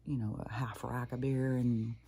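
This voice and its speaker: A woman's voice: a bass voice, level tone, moderate pace, dark tone, a little hiss or hum. A woman talking in a casual, rambling monologue, blunt and profane, often restarting her sentences. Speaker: spiritual talk creator.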